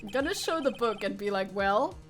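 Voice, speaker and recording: A woman streaming a video game, chatting casually and thinking aloud with quick self-corrections. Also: medium pitch, animated, soft background music.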